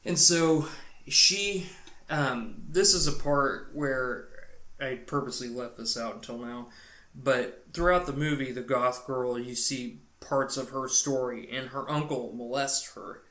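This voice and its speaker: A man's voice: medium pitch, unhurried, pushed and bright. A man co-hosting a podcast, retelling a film plot in a rambling, profane, casual way. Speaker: podcast co-host. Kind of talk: casual movie recap. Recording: roomy echo.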